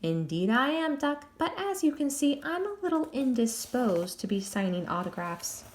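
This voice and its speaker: A woman's voice: high voice, very animated, moderate pace, voice pushed up. A woman voicing a cocky young English man locked in a jail cell, boastful and swaggering.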